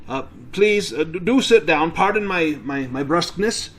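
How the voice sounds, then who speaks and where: A man's voice: on the high side, lively intonation, normal speed, a bit bright, voice pushed up. A man voicing a tired older farmer who speaks in a brusque way. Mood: apologetic. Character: gruff tired older male farmer, touchy.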